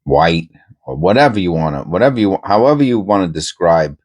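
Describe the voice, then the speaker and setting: A middle-aged man with a New York accent softened toward Pennsylvania talk, chatting casually and meandering with many pauses while he searches coin rolls. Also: deep voice, sing-song. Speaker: coin roll hunting host. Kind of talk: casual rambling chat while searching coins.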